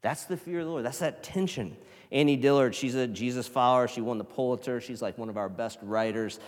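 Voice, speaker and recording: A male pastor giving a casual, conversational sermon, swinging from loud emphasis to hushed near-whispers. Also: medium pitch, brisk. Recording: long reverb of a large hall.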